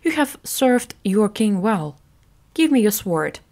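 A haughty boy prince giving orders in a slow, careful way, as a woman reads him in a storybook. The voice sits slightly higher than a plain narrating voice. Each command is spelled out plainly. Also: sing-song, dark tone.

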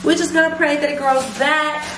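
A woman's voice: high-pitched, steady tone, a little fast. A young woman vlogging to camera at home, venting frankly with heavy swearing. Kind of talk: casual vlog rant to camera. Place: indoors at home. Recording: echoey room with clear background noise.

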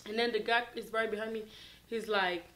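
A woman vlogger telling a personal story in casual, animated storytime style, with lots of filler words. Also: a little high, brisk. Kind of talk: storytime vlog.

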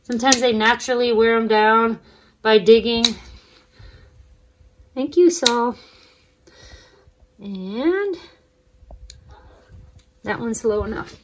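A woman host talking casually to viewers while trimming her dogs' nails, coaxing them with soft praise. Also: a little high, takes it slowly, long pauses, noisy background. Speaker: alpaca farmer and channel host. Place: indoors with the dogs on a farm.

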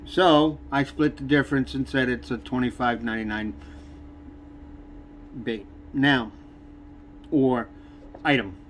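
A man hosting a fishing channel, reviewing a subscription box with irritation and frequent pauses. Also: medium pitch, fairly even intonation, slight background noise. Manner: irritated, complaining, many "um" pauses. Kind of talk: unboxing review vlog.

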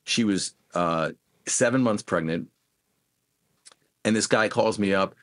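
Low-voiced man telling lively career stories. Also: slow pace, dry recording, studio quality. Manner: animated anecdotes, acts out quoted voices. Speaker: guest musician. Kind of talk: storytelling interview.

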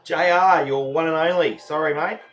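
A man's voice: fairly high pitch, steady tone, moderate pace, muffled recording. A man hosting a live raffle draw, chatty and laid-back, reading out names and often apologising to players. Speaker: raffle host. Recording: noisy home recording.

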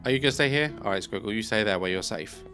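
A man's voice: on the low side, fast, sharp tone, soft background music. A man giving let's play commentary on a video game, chatty and bemused, thinking aloud as he plays. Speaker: gaming YouTuber.

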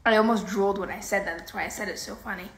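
A woman's voice: medium pitch, steady tone, fast talker, a bit bright. A woman chatting casually on a phone livestream, rambling and playful. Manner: rambling and playful, baby talk to her dog. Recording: echoey room with faint noise.

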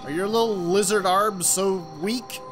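A young man giving profane, jokey commentary while playing a game, with loud reactive outbursts. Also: sits high, steady tone, a little slow, music in the background. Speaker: let's play gamer. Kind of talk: gameplay commentary.

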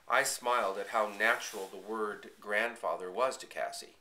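A man's voice: on the low side, moderate pace, hardly any pauses, bright, forceful tone. A man reading a children's chapter book aloud, narrating expressively in the first person. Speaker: audiobook reader. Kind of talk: storybook reading.

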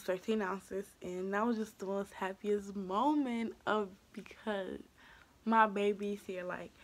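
Animated young woman telling a storytime. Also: mid-range voice. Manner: animated storytelling with quoted asides; drops to hushed whispers at times. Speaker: vlogger. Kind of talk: casual storytime.

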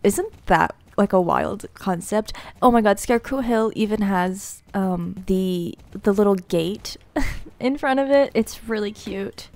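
A woman chatting over her gameplay in a casual, rambling way. She sounds tired from a late-night session but keeps gushing and gasping with excitement. Her voice sits at an ordinary middle pitch for a woman. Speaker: gaming YouTuber.

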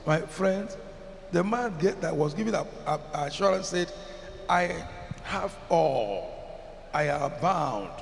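Preaching in a large hall with long reverb and faint ambience, a man with a Nigerian English accent serves as pastor, chanting some phrases emphatically and posing questions to the congregation. He speaks unhurriedly in a fairly high voice with vocal fry, and there's a little hiss or hum.

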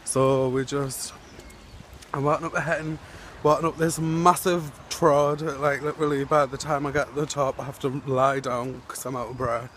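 A man's voice: medium pitch, level tone, normal speed, fairly bright tone, a little hiss or hum. A young man vlogging on a town street into a phone, chatty and self-mocking. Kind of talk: casual vlog chat.

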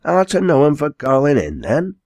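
A man's voice: fairly high pitch, wildly swooping pitch, normal speed, a little mellow, no echo, clean studio sound, pitched above the performer's own voice, full character voice. A man voicing a cheery, hungry old yard servant with a broad Lancashire dialect, jovial and sing-song, in an audiobook. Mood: hearty.

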